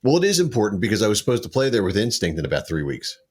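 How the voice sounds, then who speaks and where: A man's voice: on the low side, very animated, rapid-fire, darkish tone, breathy edge. A man co-hosting a podcast, telling travel stories in casual chat and laughing often. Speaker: podcast co-host.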